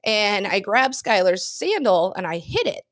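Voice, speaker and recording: A woman co-hosting a relaxed podcast, telling stories in a loose, giggly way. She swears freely and acts out the scenes she describes. Her voice sits at a mid pitch. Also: a little slow. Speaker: podcast co-host. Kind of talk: casual chat.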